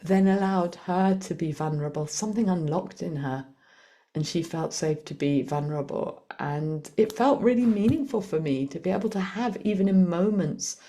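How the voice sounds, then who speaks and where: A woman, a podcast guest speaking in a lively, conversational way, in quick bursts while she tells a story. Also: lowish voice. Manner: animated, acts out quoted voices, quick bursts. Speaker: guest, author and executive coach.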